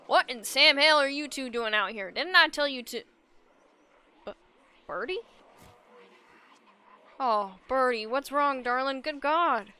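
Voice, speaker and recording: Casting note: a woman playing a hot-tempered old farmer in a game, bright-voiced, loud and drawling. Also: sits high, takes it slowly, pauses often, clear, resonant tone, pitched above the performer's own voice, exaggerated voice. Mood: alarmed. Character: gruff older male farmer, protective and hot-tempered. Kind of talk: reading game dialogue aloud.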